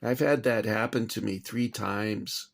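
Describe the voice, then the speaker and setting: In his home kitchen, a man rambles in a casual vlog about collecting toy soldiers, agitated and still shaking after getting angry, swearing and then apologizing. His voice is fairly low with vocal fry, fairly even intonation, and a measured pace.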